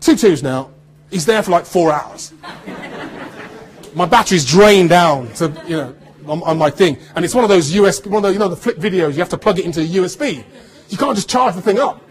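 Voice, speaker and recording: A man giving an animated storytelling talk to students about his acting career, acting out the dialogue he quotes. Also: high-pitched, brisk. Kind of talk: anecdotal storytelling speech.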